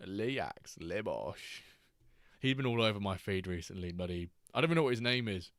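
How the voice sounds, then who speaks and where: A man's voice: fairly low pitch, rapid-fire, fairly bright tone, clear, resonant tone, no room sound, clean studio sound. A man hosting a live stream, chatting casually and joking as he reacts to chat and the games.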